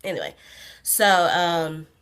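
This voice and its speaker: Low-voiced young woman on a podcast stream, rambly, jokes on herself, laughs a lot, all over the place. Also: very animated, takes it slowly, a bit bright, clear, resonant tone. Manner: rambling, self-deprecating, laughs often, drifts into tangents. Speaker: podcast host. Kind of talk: casual solo livestream chat.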